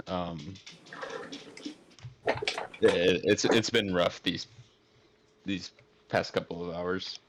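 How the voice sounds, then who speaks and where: A man player in a tabletop game who speaks hesitantly, with many pauses and fillers. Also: sits low, steady tone, noisy background. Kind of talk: casual tabletop game talk.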